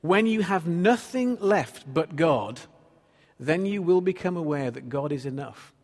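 An earnest male pastor delivers a sermon, reading scripture aloud and explaining it to his congregation. His voice sits fairly high for a man. The sound carries a long reverb, as from a big church hall. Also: animated, unhurried, a little mellow.

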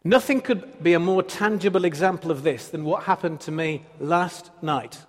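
Earnest pastor, fairly high voice. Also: male voice, normal speed, in a large hall. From Britain. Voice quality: earnest, builds through repeated phrases. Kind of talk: sermon.

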